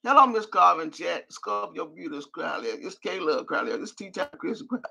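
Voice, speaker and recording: A woman's voice: lowish voice, lively intonation, normal speed, vocal fry, pushed and bright, slightly rough. An older woman on a live stream, cursing and trash-talking while she reads out viewer names. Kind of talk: profane live-stream rant.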